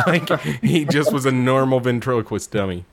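A man retelling a book in casual chat, animated and profane, laughing often. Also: mid-range voice, normal speed.

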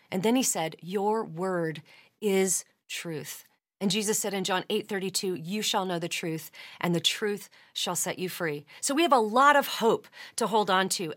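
Woman, podcast host, mid-range pitch, measured teaching delivery, long scripture quotes. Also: fairly bright tone.

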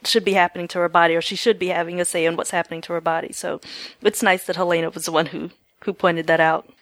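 A woman's voice: lowish voice, level tone, fast, no echo. A woman co-hosting a podcast, musing on a TV episode with lots of "you know" and "um". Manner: thoughtful, hedging with fillers like "you know" and "um". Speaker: podcast co-host. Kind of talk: casual TV recap chat.

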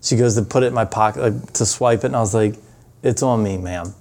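Male podcast guest, animated rambling storyteller. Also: medium pitch, fast talker, gravelly. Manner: animated, rambling with fillers and restarts. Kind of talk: casual storytelling chat.

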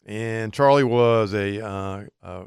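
A man co-hosting a fishing talk show, telling an animated story and laughing through it. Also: lowish voice, takes it slowly, creaky, clear, resonant tone, no echo, studio quality. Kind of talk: casual storytelling chat.

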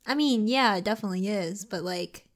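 A woman's voice: mid-range voice, fairly quick. A woman in casual, playful conversation, chatting and bantering about an audiobook she enjoyed. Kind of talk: casual book review chat.

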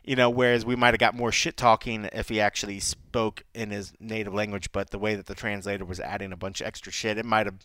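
A man's voice: fairly low pitch, fairly even intonation, fast talker, fairly bright tone, no echo. A man co-hosting a podcast, chatting loosely, acting out little quotes and laughing easily. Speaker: podcast co-host. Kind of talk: casual podcast chat.

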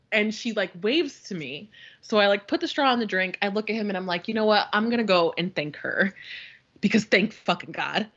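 Woman, thirties, casual podcast storyteller, swears a lot, husky, muffled lo-fi audio. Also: medium pitch. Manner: animated storyteller, acts out quotes, swears freely, laughs often. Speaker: podcast co-host.

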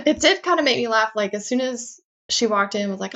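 A woman's voice: a little high, moderate pace, fairly bright tone. A woman in her thirties co-hosting a podcast, chatting casually about a TV episode, filling her talk with "like" and acting out quotes. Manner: chatty, many "like" fillers, acts out quotes. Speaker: podcast co-host. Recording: dull lo-fi recording.

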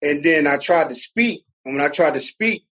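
A man with a New Jersey accent, a podcast guest telling his story in a relaxed, casual way. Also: fairly high pitch, moderate pace, breathy edge, highs cut off. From Newark, New Jersey. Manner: relaxed storyteller, fillers and laughs. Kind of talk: casual conversation.

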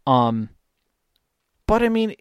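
A man co-hosting a casual chat about tabletop role-playing games, rambling and halting with lots of fillers and restarts. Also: on the high side, very animated, clean tone, no echo, clean studio sound. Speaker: tabletop game podcast co-host.

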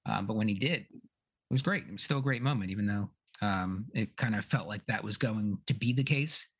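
A man co-hosting a casual podcast chat about a TV episode, relaxed and drawn out, teasing the others. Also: on the low side, brisk, slightly rough, no room sound. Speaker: podcast co-host.

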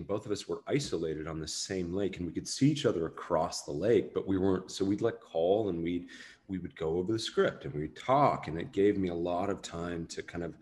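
Here the American actor guest speaks low, with a darkish tone, over slight background noise. His interview talk is casual and rambling, full of fillers and self-deprecation.

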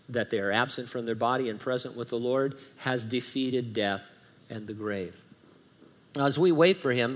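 A man's voice: medium pitch, a bit bright. A middle-aged male pastor preaching a sermon, reading scripture aloud with emphasis and adding humorous asides.

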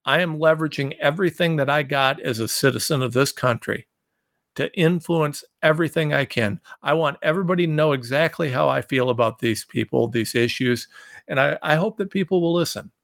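Fiery ranting man with a gravelly voice. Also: on the high side, brisk, a bit bright, no echo, clean studio sound. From Ohio. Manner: combative, ranting, repeats himself. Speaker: show host. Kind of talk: fiery political monologue.

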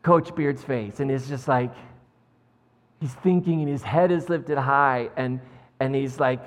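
A male pastor preaching a sermon, retelling a story in an animated way with frequent chuckles. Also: medium pitch, measured pace. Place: church. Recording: long church reverb, faint music.

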